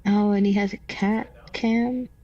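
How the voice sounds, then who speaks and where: A woman's voice: mid-range voice, steady tone, takes it slowly, dark tone, lo-fi sound. A woman co-hosting a live stream, chatting casually, laughing often and reading chat messages aloud. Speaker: co-host of a live pinball repair stream.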